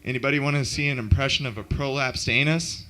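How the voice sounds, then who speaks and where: A man doing a deadpan, self-mocking stand-up comedy set at an open mic in a club. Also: mid-range voice, quick pace.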